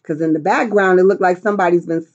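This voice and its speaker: In lo-fi sound, a middle-aged woman with a fairly low voice talks at a quick pace through a casual tarot reading. She is brash and profane, clowning around with goofy voices and bits of song.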